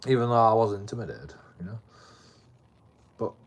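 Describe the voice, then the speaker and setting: A husky, fairly low male voice, expressive and at a normal pace. He's a live streamer in his late thirties from Bradford, England, speaking with a Yorkshire accent as he tells his chat a rambling, swear-filled story, often repeating himself.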